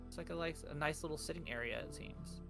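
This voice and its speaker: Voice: medium pitch, fast talker, a bit bright, faint music behind. A game master narrating a tabletop game in a loose, rambling way full of fillers.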